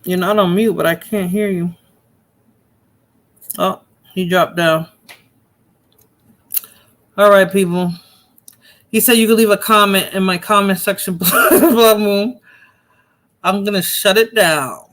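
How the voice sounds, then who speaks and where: A man's voice: high voice, steady tone, unhurried, long pauses, a bit bright. A man hosting a live stream in casual chat, laid-back and chuckling as he signs off.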